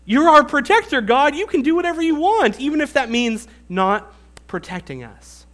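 A man playing a sarcastic mock-flattering prophet. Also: very high-pitched, racing, pitched above the performer's own voice, heavily acted. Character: sarcastic prophet needling God.

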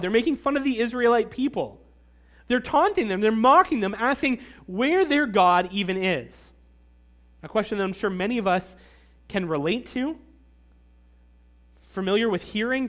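Male pastor, high voice, earnest sermon delivery with measured pauses. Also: fairly bright tone.

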